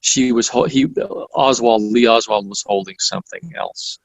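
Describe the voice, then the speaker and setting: A man's voice: mid-range voice, moderate pace, low-quality recording. A man, the guest author, recounting stories in conversational interview style, with frequent restarts and fillers. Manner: storytelling with many restarts and fillers.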